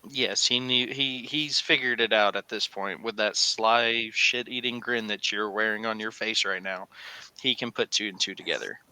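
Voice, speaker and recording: Game master guy, punchy bright voice, dry close mic, lots of uh's. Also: fairly low pitch, normal speed, clear, resonant tone, dry recording. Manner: animated storytelling with frequent fillers. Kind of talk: narrating a tabletop game.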